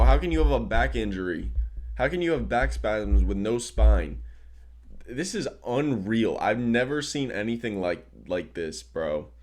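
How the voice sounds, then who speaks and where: Low-voiced guy venting about his team, swears a lot, says bro. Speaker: sports vlogger. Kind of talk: casual sports rant.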